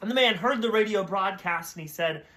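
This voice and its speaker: A preacher with a high, bright voice gives a short devotional message at a fairly quick pace. He tells a parable like a storyteller, briefly voicing its characters before drawing out the lesson.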